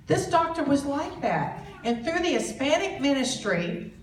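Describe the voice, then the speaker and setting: A woman with a slightly higher voice tells a story to a crowd. She acts out the conversations in quoted voices. The sound comes from a distant mic in an echoey hall, with a faint noise underneath. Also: big pitch swings, unhurried. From Southern US. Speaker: speaker at a business boot camp. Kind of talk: storytelling presentation to an audience.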